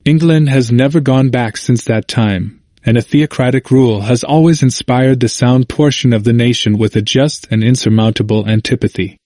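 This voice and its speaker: A man narrates a history text in a steady, measured reading voice of middling pitch. The recording is dry and close, with no room sound around him. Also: dry recording. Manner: steady, measured reading, quotes read with only slight lift. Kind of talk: scripted narration of a history book.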